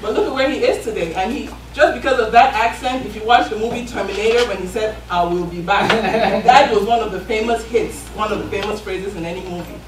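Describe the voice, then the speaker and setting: A woman's voice: fairly high pitch, quick pace, few pauses. A woman hosting a live event, giving an encouraging talk with frequent ums. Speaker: event host. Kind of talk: motivational talk. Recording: echoey room, far from mic, noisy.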